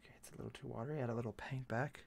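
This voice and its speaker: A man's voice: mid-range voice, steady tone, racing, creaky, darkish tone, slight background noise. A man casually commenting to himself as he paints miniatures, muttering asides and small self-deprecating jokes. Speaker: miniature painting channel host.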